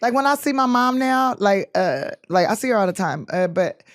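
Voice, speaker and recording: A woman tells stories with a lot of life, laughing often and jumping into the voices of the people she describes. Her voice sits in a middle pitch and sounds close and dry, with no room around it. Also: lively intonation, normal speed, no echo. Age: 20s. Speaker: guest. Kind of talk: casual storytelling.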